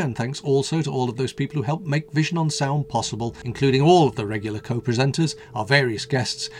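A man from the United Kingdom, a radio host narrating a scripted story in a wry, measured way. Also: mid-range voice.

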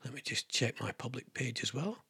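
A man's voice: medium pitch, animated, fairly quick, sharp tone, breathy edge, dry recording. A British man hosting a live radio show, chatty and rambling, with lots of fillers and self-mocking asides. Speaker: radio host. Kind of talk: casual live radio presenting.

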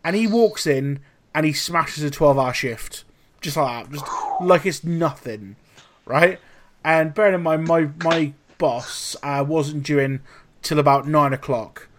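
A young man hosting a podcast, telling a story in casual chat, with lively swearing and acted-out quotes. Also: a little high, unhurried. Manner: animated, swearing, acts out quotes. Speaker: podcast host.

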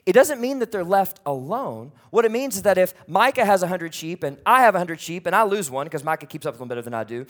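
A man preaching a sermon in a lively, conversational way, acting out quick asides to the congregation. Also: high-pitched. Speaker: pastor.

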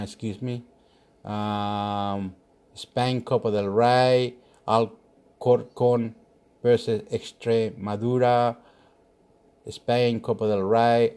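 A man's voice: on the low side, mellow. A man giving football predictions in a rambling casual monologue, talking to himself, muttering and sometimes swearing.

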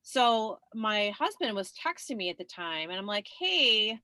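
Bright-voiced woman telling her story. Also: mid-range voice, very animated, unhurried. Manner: chatty, laughs often, many fillers. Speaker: guest. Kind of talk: conversational storytelling.

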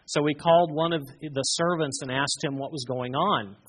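A preacher giving a sermon, retelling a parable with emphatic, expressive storytelling and dramatic pauses. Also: medium pitch.

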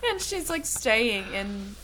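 A woman's voice: a little high, a bit bright, a little hiss or hum. Chatty woman co-host, lots of "like". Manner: fast, filler-heavy chatter with lots of "like". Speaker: podcast co-host. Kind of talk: casual book chat.

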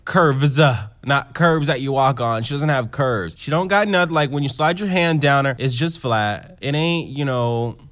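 A man hosting a casual recap of a TV episode, telling it in a sassy, profane, animated way. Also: mid-range voice. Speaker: show recap host.

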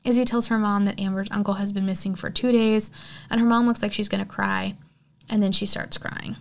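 A woman's voice: medium pitch, steady tone, a little fast, vocal fry. A woman hosting a horror podcast, casually retelling a film's plot in a chatty way with lots of fillers. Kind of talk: casual film recap.

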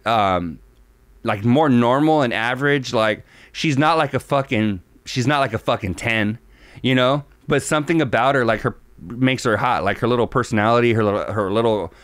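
A man's voice: medium pitch, a bit bright, dry recording. A man co-hosting a podcast in casual chat, loose and profane, rambling with lots of fillers. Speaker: podcast co-host.

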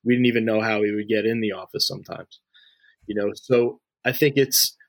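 A man's voice: on the low side, a little fast, no room sound. A man in his thirties giving long, loose interview answers, full of "you know" and "like" and frequent restarts. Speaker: interview guest, music industry figure.

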